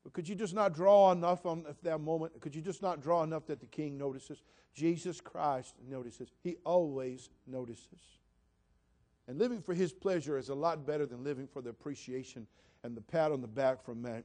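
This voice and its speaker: A man's voice: a little high, normal speed, mellow. A man preaching a sermon as pastor, emphatic and repetitive, putting direct questions to the congregation.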